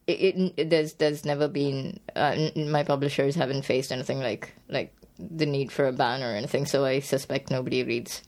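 A woman's voice: a bass voice, steady tone, moderate pace, darkish tone. A woman poet being interviewed about her book, speaking thoughtfully with frequent restarts and fillers. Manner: hesitant, many restarts and fillers, laughs easily. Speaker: poet and author, interview guest.

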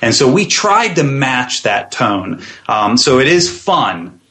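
A man's voice: mid-range voice, very animated, slow, sharp tone. A man, guest on a podcast, describing his web series in a thoughtful interview style with plenty of fillers and restarts.

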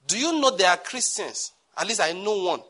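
A man's voice: sits high, sing-song, normal speed, pushed and bright. A male pastor with a Nigerian accent, preaching a sermon with joking asides and his own laughter.

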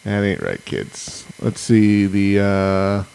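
Man making quick quips in a casual chat. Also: fairly low pitch, sing-song, creaky, darkish tone, smooth. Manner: chimes in with short quips and asides.

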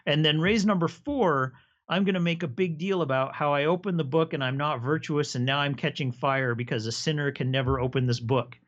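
A man's voice: a little high, fairly even intonation, brisk, a bit bright, dull audio. A man hosting a casual chat, telling stories enthusiastically and explaining at length. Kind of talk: casual chat about tabletop games.

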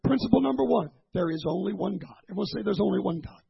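A man preaching a sermon, halting and repeating words as he teaches, then rising to shouted fervor. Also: high voice, animated, gravelly, slightly rough, highs cut off.

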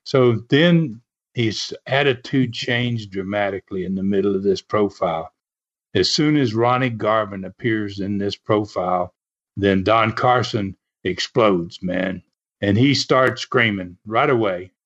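A man's voice: lowish voice, measured pace. Man telling a chuckling wrestling story. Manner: animated, chuckling, fillers like "man". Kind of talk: casual storytelling. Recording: dull lo-fi recording.

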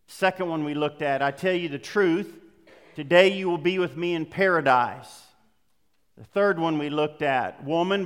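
Male pastor, smooth resonant voice, preaching in a big echoing sanctuary. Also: fairly high pitch, fairly bright tone. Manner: conversational, with emphatic rising passages. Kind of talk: sermon. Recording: long hall reverb.

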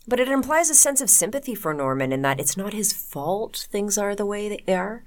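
A woman's voice: medium pitch, expressive, moderate pace. A woman co-hosting a casual film discussion, wry and arguing her points in full, thought-out sentences. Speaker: podcast co-host.

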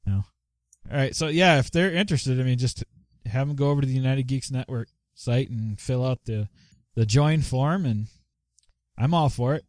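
A man hosts a live show, talking loosely and laughing between thoughts. His voice sits at an ordinary pitch. The sound is dry and close. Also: moderate pace, dry recording. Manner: rambling with many fillers and laughs. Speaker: podcast host. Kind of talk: casual live show chat.

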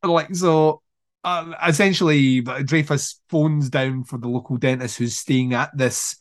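A man's voice: mid-range voice, steady tone, a little slow. A man chatting casually about a film, retelling scenes with lots of energy, acting out bits, swearing and laughing often. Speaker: podcast co-host.

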